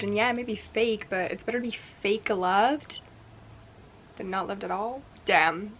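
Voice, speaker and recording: A young woman filming a casual reading vlog, gushing and excitable, full of "like" asides, recorded on a camera mic at home. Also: medium pitch, normal speed, a little hiss or hum. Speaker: book vlogger.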